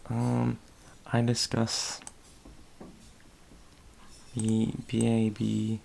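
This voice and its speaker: A man's voice: mid-range voice, monotone, drawn-out words, creaky, warm tone, a little hiss or hum. A man with a Boston accent, a podcast host rambling distractedly and muttering to himself while he works on a casual livestream.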